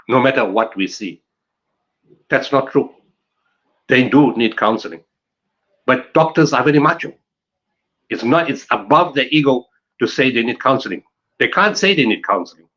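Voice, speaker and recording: A man's voice: mid-range voice, fairly bright tone, highs cut off. A man from South Africa giving an emphatic conference talk on disaster management, building his points through repetition and rhetorical questions.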